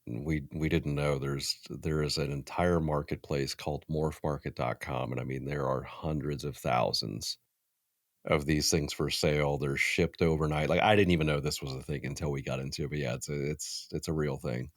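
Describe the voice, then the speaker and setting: A man in his thirties spins a story as a guest on a podcast, lively and full of swearing. His voice sits low, and the sound is dry and close with no room around it. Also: normal speed, no echo. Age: 30s. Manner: animated, profane storyteller. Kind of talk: casual storytelling chat.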